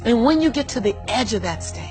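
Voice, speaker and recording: A woman's voice: on the high side, very animated, quick pace, soft background music. A middle-aged woman telling her life story as an interview guest, emphatic and preacherly, often breaking into laughter. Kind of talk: animated personal storytelling.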